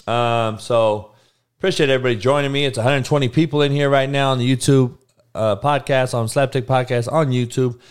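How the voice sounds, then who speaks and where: A man's voice: mid-range voice, steady tone, fairly quick, clear, resonant tone. Profane rambling male sports podcaster. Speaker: podcast host. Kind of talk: live-streamed sports podcast chat.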